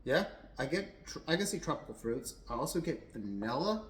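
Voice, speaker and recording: A man's voice: fairly high pitch, sing-song, a little fast, roomy sound, poor audio. A young adult man giving a casual, rambling whiskey tasting review at home, a little tipsy, with lots of fillers and restarts.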